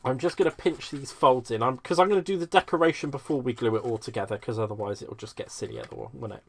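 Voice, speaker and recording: A man's voice: mid-range voice, fast talker, gravelly. Chatty man hosting a craft stream. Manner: chatty, self-mocking, laughs often. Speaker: live craft stream host. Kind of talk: casual live-stream chat while crafting.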